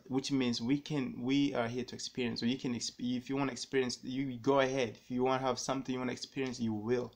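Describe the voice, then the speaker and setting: Rambling, animated man telling a story. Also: medium pitch. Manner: animated, rambling, repeats himself. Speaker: vlogger. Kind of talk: casual storytelling to camera.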